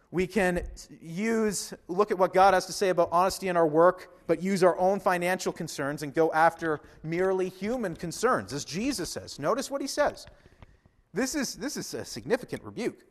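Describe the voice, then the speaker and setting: A man preaching a sermon in an earnest, emphatic manner, speaking directly to his listeners. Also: sits high. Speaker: pastor.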